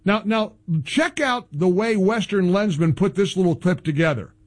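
Sarcastic, animated talk radio host, a man. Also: high-pitched, moderate pace. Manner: sarcastic, mocking; animated, exclamatory. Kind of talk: opinionated talk radio monologue.

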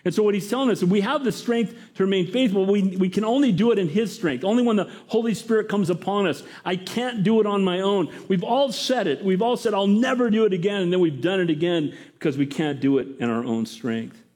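A man preaching a sermon as pastor, lively and talking straight to the congregation with questions. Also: high voice, a little fast, hardly any pauses.

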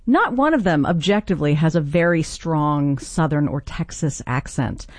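Middle-aged female public radio host, measured interview delivery, dry close mic. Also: deep voice, animated, dry recording. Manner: measured, scripted introductions and questions.

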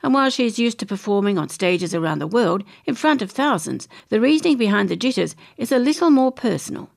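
Australian woman with a gravelly voice. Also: mid-range voice, animated, fairly quick. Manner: chatty, chimes in with her own opinions between read passages. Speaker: presenter reading entertainment news. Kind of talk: reading magazine articles aloud with casual asides.

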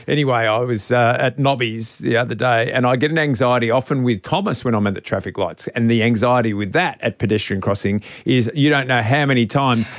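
An Australian man co-hosting a radio show, telling a self-mocking story in a casual, animated way. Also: a little fast, few pauses, no echo, clean studio sound. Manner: animated, self-mocking, imitates beeps in a high voice. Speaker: radio co-host.

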